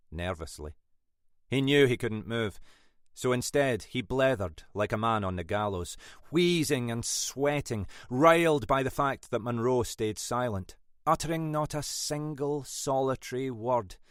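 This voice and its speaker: A man narrating a mystery thriller audiobook in a measured, dramatic storytelling manner. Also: medium pitch, expressive, clear, resonant tone, no echo, clean studio sound. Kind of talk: scripted narration.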